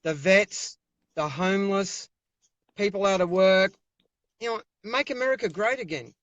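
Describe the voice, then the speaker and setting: A man's voice: sits high, measured pace, fairly bright tone, no room sound, muffled recording. Australian man, guest on a video call, emphatic, fired-up, dry sound. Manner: fiery, emphatic, repeats himself when worked up. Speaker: interview guest. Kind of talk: impassioned political talk.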